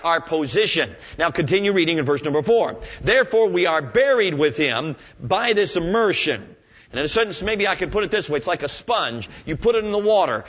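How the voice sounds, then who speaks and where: A man's voice: high voice, fairly bright tone. Folksy preacher man, dull lo-fi recording. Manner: folksy, storytelling, rhetorical questions to the congregation. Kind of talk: evening sermon.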